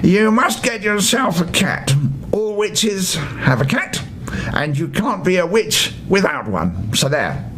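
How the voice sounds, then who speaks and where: A man's voice: high-pitched, very animated, takes it slowly, fairly bright tone, slight background noise, voice pushed up, exaggerated voice. An older man voicing a bossy, commanding female chief witch in a children's storybook reading, with a stern, scolding manner.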